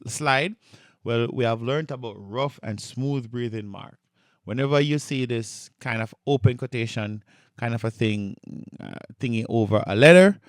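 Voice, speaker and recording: A man's voice: mid-range voice, no room sound. Patient man teaching in a dry recording. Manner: patient, repeats key points, checks in with "right?". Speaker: Greek instructor. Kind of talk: recorded online lecture.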